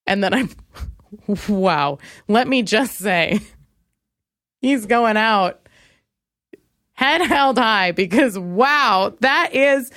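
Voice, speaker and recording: A young woman hosting a comedy podcast, telling a story with sarcastic, animated asides. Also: on the high side, drawn-out words, pauses often, no room sound, clean studio sound. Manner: sarcastic, animated, quotes others in mocking voices. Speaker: podcast host.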